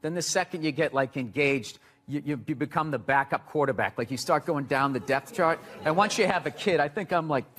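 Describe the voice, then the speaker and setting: A man who is a comedian and talk show guest, telling profane stories in a blunt, animated way. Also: on the high side, a little fast, hardly any pauses. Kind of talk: profane ranting comedy and chat.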